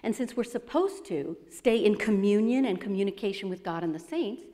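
Brief: woman speaker, warm mellow tone, lively storyteller, long hall reverb. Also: mid-range voice, normal speed. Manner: animated, acts out quoted voices. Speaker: speaker presenting her book. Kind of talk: storytelling talk to an audience. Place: expo presentation hall.

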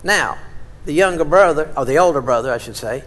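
A man's voice: on the high side, lively intonation, fairly quick, a bit bright. A male pastor preaching a sermon in a church, shifting from casual talk to dramatic emphasis. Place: church sanctuary. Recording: long reverb in a large hall.

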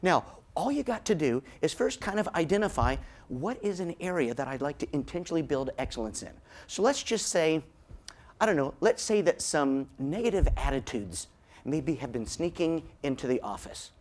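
Delivering a storytelling keynote, a middle-aged motivational speaker with a voice on the high side speaks animatedly. He slows down at moments for dramatic effect.

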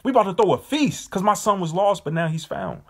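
Man voicing a father, overjoyed, husky, raised high, excited. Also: brisk, full character voice. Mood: jubilant. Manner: excited, pitch jumping high. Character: overjoyed father welcoming his lost son home.

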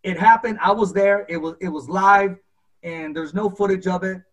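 A man hosting a boxing talk show, reading a listener's memory and telling a story from ringside with animated acted-out quotes. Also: sits high, moderate pace, highs cut off. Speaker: podcast host. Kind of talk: storytelling in casual interview.

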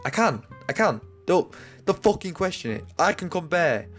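A man's voice: sits high, sing-song, normal speed, fairly bright tone, faint music behind. A young man giving sarcastic, mock-outraged comedy commentary, swearing often.

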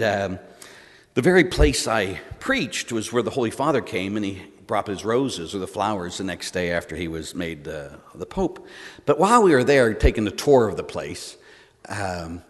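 A middle-aged priest preaches at a retreat, his voice swinging widely in pitch as he moves from loud outbursts to low, earnest asides. The sound carries a long reverb from the hall around him. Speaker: priest giving a retreat talk. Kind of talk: animated retreat talk to priests.

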